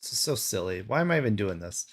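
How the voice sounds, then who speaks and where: A man's voice: on the low side, very animated, quick pace. A man streaming a game live, chatting casually with a playful, self-mocking manner.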